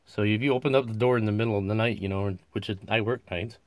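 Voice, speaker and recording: A man's voice: lowish voice, fairly even intonation, quick pace, dry recording. A middle-aged American man, out of breath, gives a casual, plainspoken tour of his camper van and chuckles often. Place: inside a small camper van.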